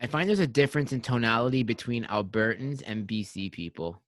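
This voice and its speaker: A man from Iran, a guest on a podcast, chatting in an animated, joking way. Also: mid-range voice, a little fast, dry recording. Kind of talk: casual chat.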